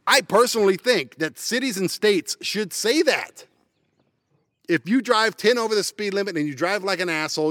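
A man rants bluntly to the listener, swearing freely and turning sarcastic. His voice sits a little high. The recording is dry and close, with no room sound. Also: fairly bright tone, dry recording. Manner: blunt, profane, sarcastic ranting. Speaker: podcast host. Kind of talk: ranting solo podcast. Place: parked van.

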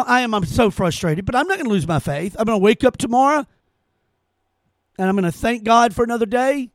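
A man's voice: high-pitched, lively intonation, normal speed, no echo. Sarcastic, indignant male podcast host. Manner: indignant, sarcastic, repeats phrases for emphasis. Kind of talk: opinionated solo commentary.

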